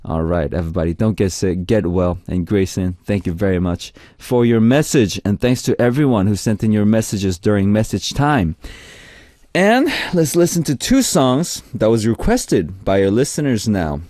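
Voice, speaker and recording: A man's voice: on the low side, lively intonation, moderate pace, warm tone, no echo, clean studio sound. A man hosting a radio music show in an upbeat, friendly way, reading out listener messages. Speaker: radio DJ host. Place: radio studio.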